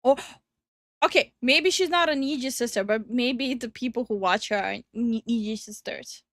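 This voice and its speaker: Young female streamer, high pitch, giggly and animated, dry close mic. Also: no echo. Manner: giggly, animated, quick to laugh. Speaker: VTuber co-host. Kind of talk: casual reaction commentary.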